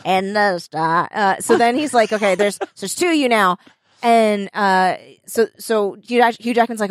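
A woman chatting casually with friends, telling a long story in an animated, rambling way. She fills her sentences with "like" and drops swear words freely. The sound is close and dry, with no room to it. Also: mid-range voice, moderate pace, dry recording. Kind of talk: casual chat.

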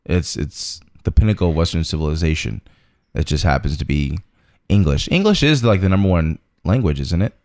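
Man, very deep voice, animated pitch, joking rants, dry sound. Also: brisk, dry recording. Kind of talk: casual chat.

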